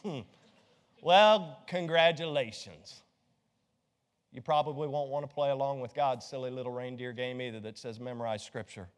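A middle-aged male pastor preaching a sermon, lively and joking as he quizzes his congregation with rhetorical questions. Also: mid-range voice, moderate pace, clean tone. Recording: long hall reverb.

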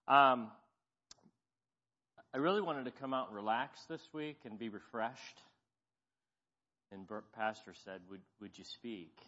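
A middle-aged man preaching as a guest pastor, folksy and self-deprecating, growing animated as he tells stories. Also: medium pitch. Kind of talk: sermon with storytelling. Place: church sanctuary. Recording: dull sound, long church reverb.

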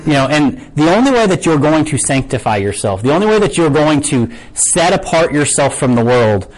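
A man's voice: a little high, sing-song, a little fast, poor audio. A man preaching a casual, conversational sermon to his congregation, often asking "right?" and loosely losing and finding his place. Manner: chatty, asks "right?" often, loses his place and laughs it off. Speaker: pastor.

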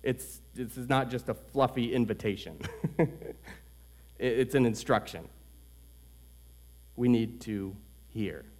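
A man preaching a sermon to his church, earnest, swinging between loud emphasis and quiet asides. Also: mid-range voice, slow, pauses often. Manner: tells a joke story in the middle. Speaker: pastor.

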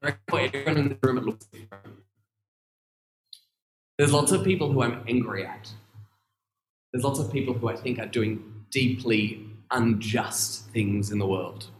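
A man preaching a sermon in a church, earnest and reflective, with long pauses and emphatic stresses. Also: mid-range voice, slight background noise. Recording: roomy echoey room.

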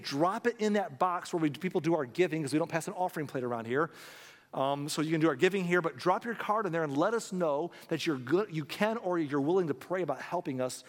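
A man preaching a sermon as pastor, making an earnest, pleading appeal to his congregation. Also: a little high. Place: church sanctuary. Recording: long hall reverb.

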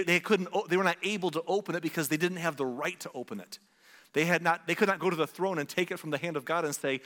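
A man preaching a conversational sermon, asking rhetorical questions and slowing down for dramatic emphasis. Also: fairly high pitch, a bit bright, big-room sound. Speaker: pastor.

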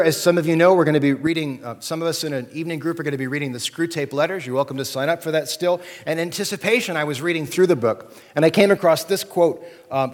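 A man's voice: a little high, big-room sound. A man preaching a sermon, talking conversationally and often checking in with "right?" and "okay?". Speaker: pastor.

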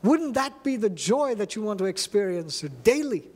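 Impassioned male preacher, fairly high voice. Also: animated, normal speed, darkish tone. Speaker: pastor. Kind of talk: sermon.

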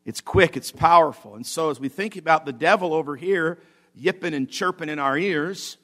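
A man, a pastor, preaching a sermon with animated swings between loud emphasis and quiet asides. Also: fairly high pitch, moderate pace. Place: church.

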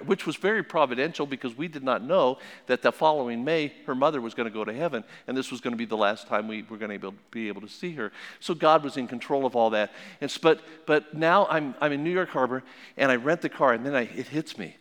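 A man preaching a sermon, telling a story with animated energy and dropping low and quiet when he drives the point home. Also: fast. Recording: long echoing hall reverb.

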